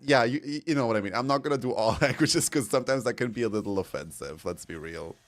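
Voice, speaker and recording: A man's voice: mid-range voice, fast talker. A man from Bosnia, streaming a game and chatting casually with a joking, giggly, self-mocking manner. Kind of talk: casual gaming stream chat.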